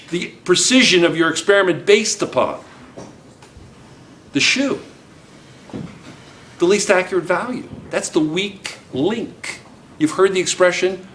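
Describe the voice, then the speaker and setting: A man teaching a chemistry class, lecturing with lots of quick checks on whether students follow. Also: sits high, echoey room, a little hiss or hum. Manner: lively, keeps checking students with "yes or no?".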